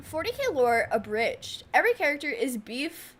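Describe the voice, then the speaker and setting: A woman streamer giving casual, animated gaming commentary, exclaiming and laughing often. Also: sits high, normal speed.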